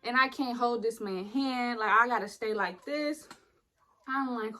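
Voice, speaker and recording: A woman's voice: a little high, measured pace, bright, forceful tone, poor audio. A young woman, casually telling the story of a painful hospital stay, blunt and profane, acting out the other people in it.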